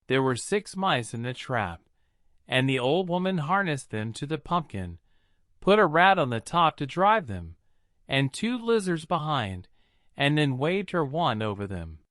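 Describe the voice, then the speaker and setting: A man telling a fairy tale in storybook narration, his voice sitting fairly high and moving through a lively, lilting range. The recording is dry and close, with no room sound. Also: measured pace, no echo. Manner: expressive, lilting delivery.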